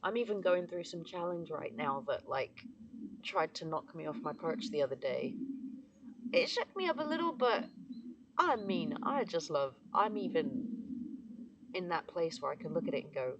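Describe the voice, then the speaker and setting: A woman's voice: fairly low pitch, sing-song, normal speed, dull audio, noisy background. Tearful, effusive woman vlogging outdoors. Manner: emotional, effusive, laughing often, bursts into singing. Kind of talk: casual spoken reflection. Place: outdoors among trees in the morning.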